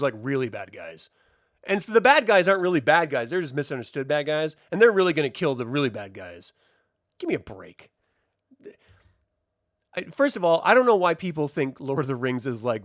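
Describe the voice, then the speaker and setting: Sarcastic, animated, high-voiced man ranting. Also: no room sound, clean studio sound. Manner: sarcastic, profane, exasperated. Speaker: video reviewer. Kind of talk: casual ranting review.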